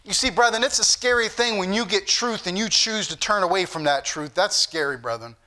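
A man's voice: high-pitched, fairly quick, pushed and bright. A man preaching a fervent sermon, repeating phrases and calling out to the brethren. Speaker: pastor.

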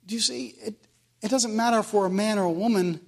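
A man preaching a fervent sermon, repeating phrases and swinging between loud and quiet passages. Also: sits high, fast talker, creaky, breathy edge.

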